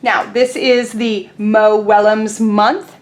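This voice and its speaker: A woman teaching young children in an online class, leading calendar time and storytime in a gentle, encouraging way. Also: medium pitch, level tone, slow. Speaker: preschool teacher.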